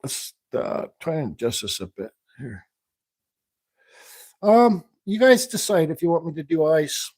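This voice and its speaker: A man's voice: a little high, sing-song, unhurried, a little mellow, no room sound. A man hosting a live carving stream, rambling casually as he works and answers viewers. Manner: rambling, thinks aloud while working; reads viewer questions aloud. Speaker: woodcarving livestream host. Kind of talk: casual live demonstration chat.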